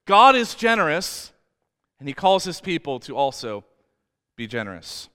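A male pastor preaching a sermon, emphatic and swinging between loud and hushed, with humorous asides. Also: on the high side, very animated, a little slow, clear, resonant tone. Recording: church hall reverb.

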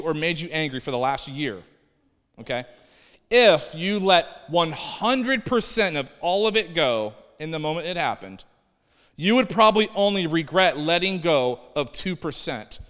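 Each phrase from this pastor rings out with a lingering reverb through the large church hall. He preaches with a bright, fairly high voice carrying some force, keeping the sermon relaxed, lively and full of jokes aimed at the congregation.

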